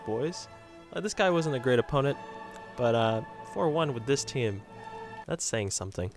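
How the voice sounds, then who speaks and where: A man with an ordinary mid-range voice commentates his own video game match as it unfolds, getting excited at goals and talking casually to his viewers. Soft music plays faintly behind him. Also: medium pitch, normal speed. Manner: excitable, talks to viewers as "boys", cheers at players. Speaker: gaming channel host. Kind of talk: live gameplay commentary.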